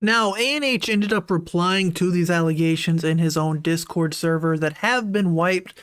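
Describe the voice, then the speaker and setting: A man's voice: sits high, normal speed, a bit bright, clear, resonant tone. A man hosting a casual online commentary, talking through screenshots in a chatty way and often checking in with "right?", with disgusted, incredulous asides. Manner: chatty, keeps asking "right?".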